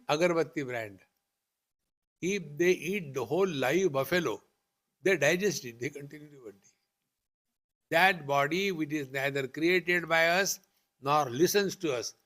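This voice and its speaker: An older man with an Indian accent gives a spiritual talk at an unhurried, measured pace. His voice sits a little high for a man, and he keeps circling back to the same questions. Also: fairly bright tone. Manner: slow, deliberate, repetitive teaching with rhetorical questions. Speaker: spiritual teacher. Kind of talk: spiritual discourse.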